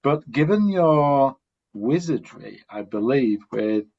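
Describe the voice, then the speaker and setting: A man's voice: medium pitch, animated, takes it slowly, a little mellow. A man from Northern England with a Northern English accent, asking a rambling, polite question on a call. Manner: polite, rambling, searching for words. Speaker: audience member asking a question. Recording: dull lo-fi call audio.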